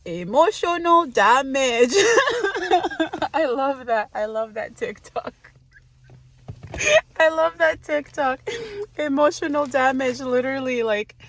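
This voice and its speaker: Here the same late-twenties vlogger chats loosely, eating while she speaks, with plenty of laughs and filler words. Her pitch is medium and slightly bright.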